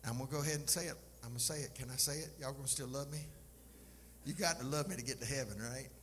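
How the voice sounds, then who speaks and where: Emphatic preacher in a reverberant church. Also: male voice, mid-range voice, fast, a bit bright. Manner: emphatic, impassioned preaching with folksy asides. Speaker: pastor. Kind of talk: sermon. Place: church sanctuary. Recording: live church recording, long reverb, faint noise.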